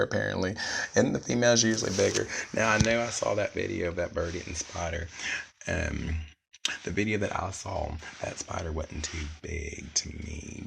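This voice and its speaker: A man's voice: deep voice, vocal fry, a bit bright, husky. A man rambling alone to camera, musing playfully and giggling between his thoughts. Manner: giggly, laughs between lines, playful and silly. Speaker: vlogger.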